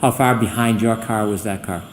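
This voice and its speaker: A man, a trial attorney, questioning a witness in court in a measured, methodical way. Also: lowish voice, slight background noise, rough recording.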